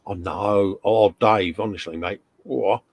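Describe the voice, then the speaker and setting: A man's voice: fairly low pitch, a little slow, slightly rough. Joking British man reading chat aloud. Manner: jokey banter with slang. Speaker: live stream co-host. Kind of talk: casual chat reading out viewer comments. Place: hobby workshop at home.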